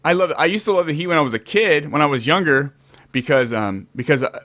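Animated man in his thirties telling stories. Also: fairly high pitch, fast, no room sound. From California. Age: 30s. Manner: animated storyteller, acts out his own past lines. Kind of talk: casual chat.

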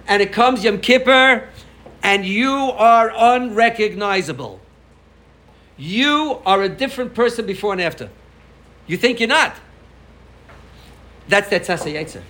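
A man, a rabbi, giving an informal sermon to his congregation, telling stories with loud emphasis and soft asides. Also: a little high, slight background noise, low-quality recording. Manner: animated storytelling, swings between loud emphasis and soft asides. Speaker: rabbi giving a farbrengen talk.

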